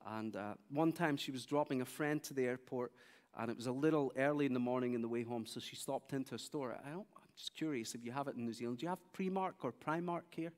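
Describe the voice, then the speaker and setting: A man's voice: mid-range voice, fast, long reverb tail. A man preaching a sermon, telling stories and acting out the people in them. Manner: animated storyteller, acting out quoted speech. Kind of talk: sermon with storytelling. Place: large church hall.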